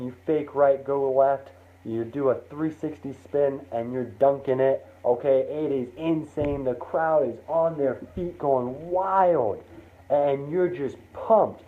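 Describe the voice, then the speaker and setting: A man telling a motivational story in the second person, animated and acting out the scenes, heard over a tinny line. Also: on the high side, unhurried. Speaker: motivational speaker. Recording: tinny phone-like sound, faint noise.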